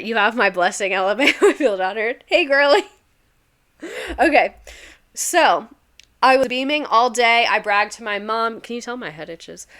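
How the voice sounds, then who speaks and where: A young woman who used to be a teacher chats casually on a livestream, reading stories aloud, laughing a lot and swearing freely. Her voice is fairly high-pitched with a sharp tone.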